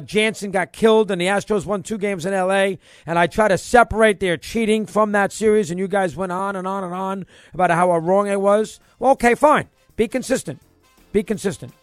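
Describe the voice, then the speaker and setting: A male sports radio host giving an emphatic, excitable opinion monologue and hammering his points through repetition. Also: high-pitched, no room sound.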